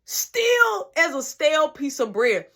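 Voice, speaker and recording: A woman's voice: high-pitched, very animated, slow pace, a bit bright. A young woman telling a family story in a casual, slangy, profane way, acting out the voices.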